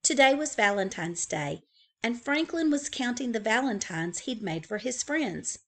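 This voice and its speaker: A woman librarian reading a picture book aloud for young children. She takes it slowly and swings her pitch widely, with playful asides to the kids. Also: animated, fairly bright tone. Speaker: school librarian.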